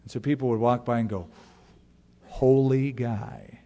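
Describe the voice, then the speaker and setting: A man's voice: medium pitch, very fast, long reverb tail. A male pastor preaching a sermon, telling stories and acting out exaggerated prayer voices to make his point. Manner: animated storytelling, mimics prayer voices.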